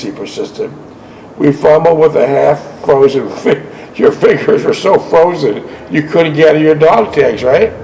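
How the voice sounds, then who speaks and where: A man's voice: a little high, gravelly, warm tone, slight background noise, rough recording. A man hosting a show, reading a veteran's war memoir aloud with short asides, often stumbling and correcting himself. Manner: halting reading with frequent self-corrections.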